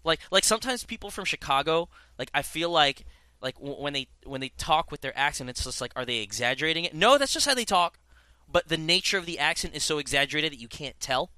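Bright-voiced young man rambling about games. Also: fairly high pitch, fast talker, clean tone, dry recording. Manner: rambling, many fillers and restarts. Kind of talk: casual chat.

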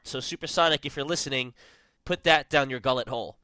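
Bright, crisp-voiced man hosting a podcast. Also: mid-range voice, quick pace, no echo. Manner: rambling, jokey, lots of fillers. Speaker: podcast host. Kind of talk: casual podcast chat.

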